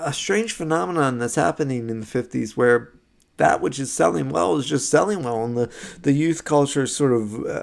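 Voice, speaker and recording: A man's voice: mid-range voice, vocal fry. A man giving a recorded slideshow lecture on music history, conversational, with many fillers and restarts and frequent "right?" checks.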